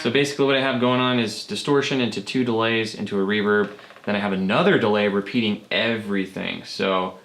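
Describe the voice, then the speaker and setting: A man hosting his own music gear channel, walking through a guitar pedal demo in a relaxed, chatty way with some fillers. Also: lowish voice, brisk, roomy sound, slight background noise. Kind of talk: casual gear demo walkthrough. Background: guitar effects playing between lines.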